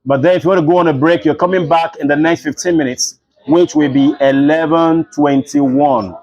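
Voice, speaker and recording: Man, Nigerian English accent, teacher, classroom lecture, lively storytelling, higher voice. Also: normal speed, highs cut off. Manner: animated storytelling, acts out dialogue. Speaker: literature teacher.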